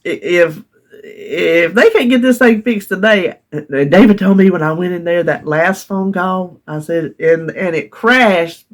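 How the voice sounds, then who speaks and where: A woman's voice: on the low side, measured pace. A woman from North Carolina with a Southern US accent, casually telling a long story in her vlog, laughing often as she recounts her frustration. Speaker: vlogger.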